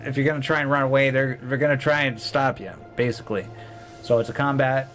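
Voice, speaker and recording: A man's voice: mid-range voice, fairly even intonation, quick pace, fairly bright tone, faint music behind. A man running a tabletop game as game master, narrating in an easygoing way with chuckles.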